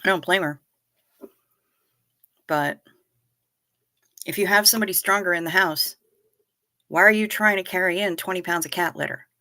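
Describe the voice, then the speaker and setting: A middle-aged woman hosting a livestream, chatting casually, reading viewer comments and telling stories in an animated, direct way. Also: fairly low pitch, normal speed, long pauses, no echo. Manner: animated storyteller, talks straight to viewers. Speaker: livestream host.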